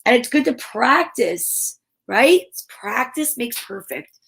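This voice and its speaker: A woman hosting a children's storytime, reading a picture book aloud in an animated, encouraging way. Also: a little high, takes it slowly.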